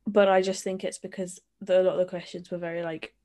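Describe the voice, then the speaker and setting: A young woman, co-hosting a podcast, talking in a halting way with many restarts and fillers. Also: on the low side, level tone, warm tone. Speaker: podcast co-host. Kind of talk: casual chat.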